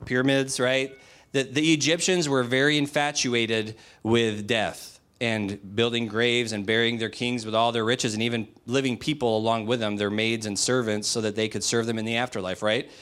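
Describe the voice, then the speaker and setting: A man's voice: mid-range voice, level tone, normal speed, fairly bright tone, smooth. A man preaching a sermon in a direct, emphatic, conversational way, asking the audience rhetorical questions. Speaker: pastor.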